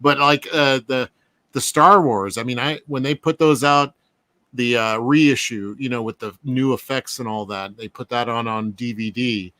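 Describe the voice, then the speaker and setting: A man's voice: medium pitch, steady tone, normal speed, bright, forceful tone, dry recording. A man talking as a guest in a casual chat, enthusiastic and full of fillers.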